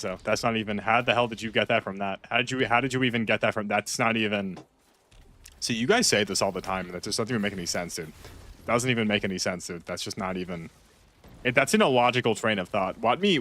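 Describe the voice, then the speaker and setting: A man's voice: fairly low pitch, fast. Rambling man chatting while gaming. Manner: rambling, repeats himself, loud outbursts. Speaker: gaming streamer. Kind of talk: casual gameplay chat.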